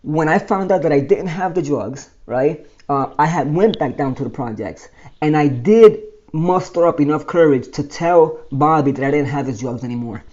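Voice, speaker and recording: A man's voice: a little high, lively intonation, normal speed, a little mellow, lo-fi sound. A man telling his own life story in a rambling monologue, often restarting and correcting himself.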